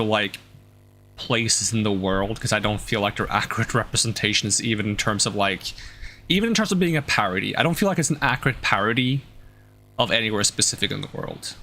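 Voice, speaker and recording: A man's voice: on the low side, pushed and bright, a little hiss or hum. Rambling male game streamer. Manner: rambling, thinks aloud, lots of fillers. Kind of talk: casual gameplay chat.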